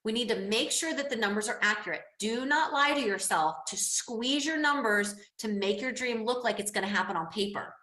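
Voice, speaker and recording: A woman's voice: on the high side, animated, brisk, few pauses, bright, forceful tone, reverberant. A woman business coach teaching an online class in an upbeat, encouraging way, speaking over a video call. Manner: upbeat, encouraging, acts out quoted voices.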